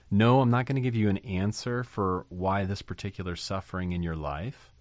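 Emphatic low-voiced male preacher. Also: no room sound. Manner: emphatic, rhetorical questions, rising bursts. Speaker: pastor. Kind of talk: sermon.

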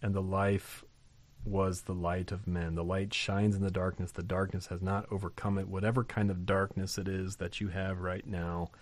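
A man hosting a podcast Bible lesson, animated in talk and reading scripture slowly and weightily. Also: low-pitched, dry recording.

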